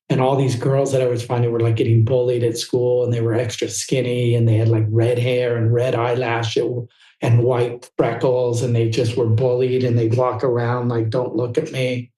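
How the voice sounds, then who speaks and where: A man's voice: medium pitch, dark tone, reverberant, rough recording. A middle-aged man from Southern California, telling his story as a podcast guest in a candid, rambling way. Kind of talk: casual storytelling interview.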